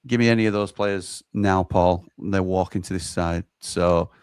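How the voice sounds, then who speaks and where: A man's voice: low-pitched, fairly even intonation, normal speed, a little mellow, clean tone, dry recording, clean studio sound. A man hosting a casual football watchalong, reading out viewer comments with wry remarks. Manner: reads out chat messages, chatty and wry.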